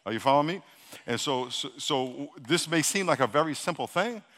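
A male pastor delivers a sermon from the stage, pushing his congregation with blunt, repeated questions and calls to pray out loud. His voice sits high and bright, close to a microphone. Behind him the big church hall rings with long reverb. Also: expressive, brisk. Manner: exhorting, repeats himself, Southern-leaning casual speech. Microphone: handheld or stage microphone.

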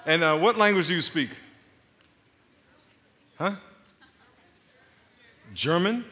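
A middle-aged pastor from Long Island banters with the congregation in an unhurried, bouncy voice with a bright, forceful edge. His voice carries a long reverb in a big church hall. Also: fairly high pitch, animated. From Long Island, New York. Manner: joking, teasing banter with the crowd. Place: large church auditorium.

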